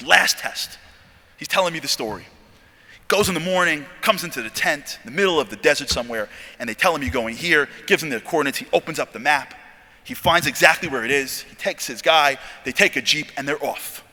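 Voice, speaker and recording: A man tells a story to a convention crowd, switching into lively acted-out dialogue. His voice sits a little high and comes across bright and forceful. A long reverb trails off the walls of a large hall. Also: a little fast. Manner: animated, acts out dialogue. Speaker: convention speaker. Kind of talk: dramatic storytelling talk.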